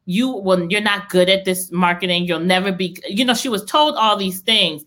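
Here a young female podcast host chats live about business and faith with obvious enthusiasm. Her voice sits in the mid-range, fairly bright, at normal speed. Her talk is faith-filled and rambling, full of restarts.

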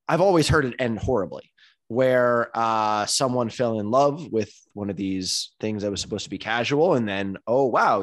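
A man co-hosting a casual podcast, thoughtful and measured as he talks. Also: mid-range voice, a bit bright, no echo. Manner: thoughtful, measured, self-correcting. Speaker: podcast co-host. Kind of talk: casual chat.

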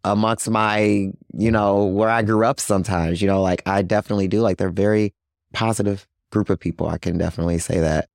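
A man with a very low voice talks earnestly as an interview guest about his outreach work. He leans on "you know" as he goes. The sound is dry and close. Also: steady tone, fairly quick, creaky, a little mellow, dry recording. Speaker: guest, HIV outreach worker. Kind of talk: casual interview talk.

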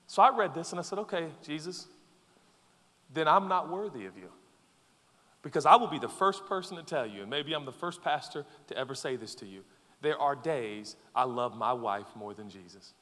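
A man preaches a sermon from the pulpit, his voice bright and somewhat high-pitched. He moves between loud, pleading outbursts and hushed, intense stretches. Long reverb from a large church hall trails after each phrase. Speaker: pastor.

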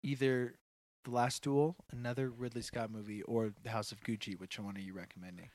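A man co-hosting a podcast in a casual, animated movie discussion, laughing often and swearing casually. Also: medium pitch, a little fast, dry recording.

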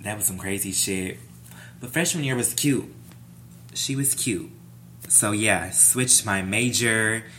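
A young adult man vlogging a casual storytime, animated and profane, playing up every scene. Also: fairly low pitch, takes it slowly, pauses often, slight background noise.

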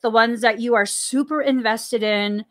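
A woman's voice: fairly high pitch, steady tone, a little slow, a bit bright. A woman hosting a casual spiritual podcast, talking earnestly and repeating phrases for emphasis. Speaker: podcast host. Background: coffee sips between remarks.

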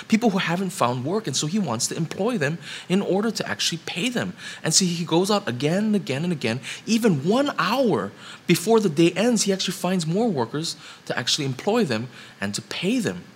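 A man's voice: a little high, a little hiss or hum. A man preaching a sermon, building up to emphatic rhetorical questions.

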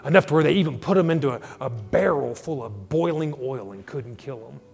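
A man's voice: mid-range voice, expressive, brisk, creaky, a little mellow. A male pastor preaching a sermon, dramatically acting out scripture dialogue. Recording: long hall reverb with faint music.

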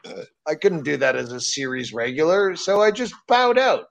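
A man's voice: a little high, sing-song, moderate pace, vocal fry. A man from Massachusetts in casual chat, hesitant and stammering with many "uh"s. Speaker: comedian guest.

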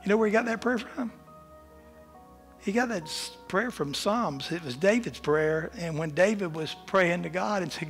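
In church, a man preaches a sermon as pastor, his impassioned delivery swelling and dropping in pitch and volume. He speaks at a moderate pace with a slightly bright voice, and faint music plays behind him.

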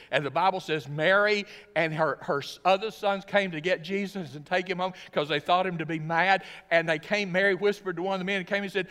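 A man's voice: high voice, a little fast, hardly any pauses, bright, forceful tone. A male pastor preaching a sermon in a church sanctuary, emphatic and full of rhetorical questions. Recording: long reverb of a church hall.

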